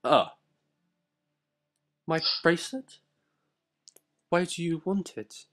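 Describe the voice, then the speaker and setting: A man voicing a young princess in a video game with a high, put-on falsetto, wary and questioning. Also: expressive, slow, fairly bright tone. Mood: alarmed. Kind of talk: amateur voice acting over a video game.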